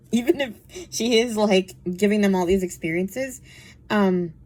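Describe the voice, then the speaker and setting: A slightly husky young woman talks about books in a loose, rambling way. Her pitch rises and falls a lot. She fills her sentences with fillers and laughs often. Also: sing-song, slow, a little mellow. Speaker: book reviewer. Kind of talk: casual chat.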